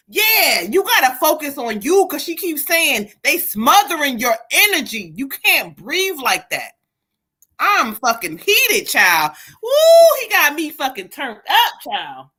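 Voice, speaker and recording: A woman hosts a live spiritual reading. Her voice is bright and a little high, and she talks emphatically, cursing freely and calling the viewers "y'all" and "child". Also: big pitch swings, a little slow. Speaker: livestream co-host giving spiritual readings.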